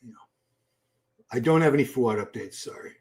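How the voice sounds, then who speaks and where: A man's voice: medium pitch, expressive, moderate pace, a little mellow. Chatty middle-aged man on a live stream. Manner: chatty, thinks aloud, reacts to chat. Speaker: livestream host. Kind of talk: casual live-stream commentary. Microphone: computer mic for live stream.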